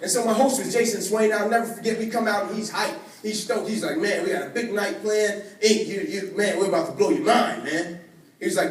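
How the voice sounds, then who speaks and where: Man, storytelling keynote, high voice, distant mic in a big reverberant hall. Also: fairly quick. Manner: acts out quoted voices, swings from hushed to excited. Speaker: motivational speaker. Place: large event hall. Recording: echoey hall from far off, faint noise.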